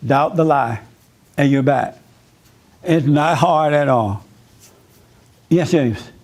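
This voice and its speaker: A male pastor delivers a loose, humorous sermon in a conversational tone and circles back over his points. His voice sits on the higher side for a man. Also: slow pace, a little mellow. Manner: conversational, joking, repeats himself.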